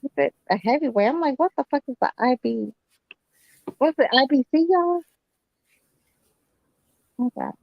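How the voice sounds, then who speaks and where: A woman's voice: sits high, expressive, normal speed, gravelly, long pauses, no echo, muffled recording. A woman co-hosting a live boxing stream, blunt and slangy, swearing freely. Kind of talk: casual live commentary chat.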